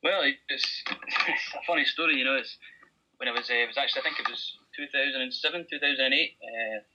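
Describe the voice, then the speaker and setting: A Scottish man, a guest writer, chatting in a relaxed, friendly way on a podcast over a muffled phone line. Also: medium pitch, fast talker, noisy background. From Scotland. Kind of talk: podcast interview chat.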